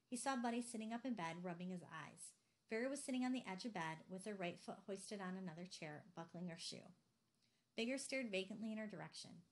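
A woman narrating a novel aloud in a steady, measured reading. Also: mid-range voice. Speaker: audiobook narrator. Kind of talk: scripted narration.

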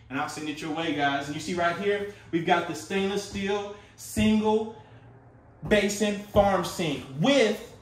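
A man's voice: high-pitched, moderate pace, echoey room, recorded from a distance. A man hosting a casual sales walkthrough of a tiny home, with upbeat salesy patter, talking to viewers as guys. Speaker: tiny home company host. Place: inside a small furnished tiny home.

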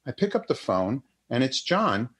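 A man's voice: medium pitch, big pitch swings, moderate pace, a bit bright. An older man, a psychotherapist and researcher, telling a story in an interview with many restarts and acted-out quotes.

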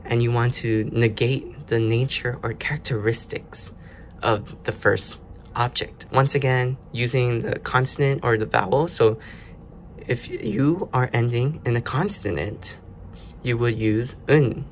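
A man's voice: medium pitch, measured pace, slight background noise. A man hosting a casual self-study video, explaining grammar step by step in a loose, chatty way. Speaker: language learner host.

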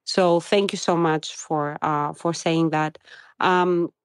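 A middle-aged woman from Greece calls in, speaking English. She talks very slowly, stopping often to search for words. Her voice sits a little low and the sound is dry and close. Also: steady tone, clear, resonant tone, dry recording. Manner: hesitant, many ums and uhs. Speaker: caller. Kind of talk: live audio chat question.

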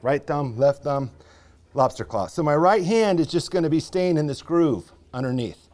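A man's voice: fairly high pitch, expressive, moderate pace, darkish tone. Folksy man teaching pottery. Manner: folksy step-by-step instruction with homespun comparisons. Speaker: pottery professor. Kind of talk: live teaching demonstration.

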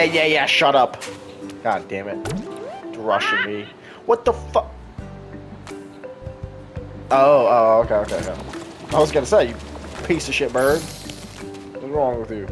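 A man's voice: mid-range voice, big pitch swings, a little slow, pauses often, over music. A man hosting a casual gameplay video, reacting sarcastically and swearing freely. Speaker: gaming channel host. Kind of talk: casual let's-play commentary.

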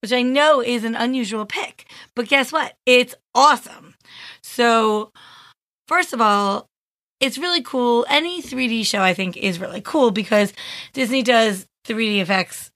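A woman's voice: on the high side, measured pace, pushed and bright, no echo, clean studio sound. A woman co-hosting a podcast in casual chat, chatty and giggly, rambling. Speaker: podcast co-host.

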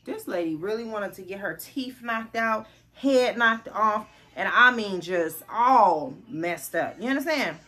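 Bright, animated young woman telling a story. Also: mid-range voice, a little slow, hardly any pauses. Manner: animated storyteller who acts out quoted dialogue. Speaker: vlogger. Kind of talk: casual storytime vlog.

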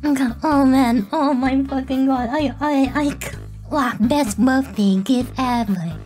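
Super high bright vtuber girl, slow drawly, laughing and swearing, flustered. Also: faint music behind. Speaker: VTuber streamer. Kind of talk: reaction video.

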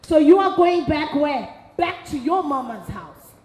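High-voiced South African woman preaching frankly. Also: sing-song, a little slow, darkish tone. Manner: frank, humorous storytelling with quoted dialogue. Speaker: speaker at a women's ministry event. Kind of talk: sermon-style motivational talk. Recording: echoey hall.

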